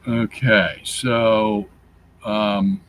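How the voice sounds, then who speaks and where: Slow, low-voiced man explaining scripture. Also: flat delivery, fairly bright tone, rough recording. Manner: deliberate and explanatory, with fillers and repetition. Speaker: show host reading his Bible commentary. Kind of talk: explaining scripture and Greek grammar.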